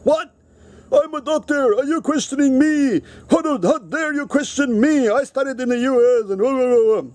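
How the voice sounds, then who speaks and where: A self-important male doctor, furious that anyone would question him, as a man puts him on. The voice jumps high and gets louder, indignant and shouting. It is told within a casual spoken story. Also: normal speed, dry recording. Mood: outraged. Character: arrogant indignant male doctor, easily offended.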